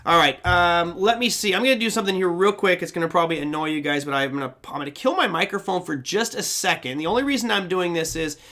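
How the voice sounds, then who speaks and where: A man hosts a casual livestream with a bright, forward voice that sits a touch high. He talks loosely and chattily, and he often restarts his sentences as he goes. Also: fast talker, hardly any pauses. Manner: chatty, loose, self-correcting. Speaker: host.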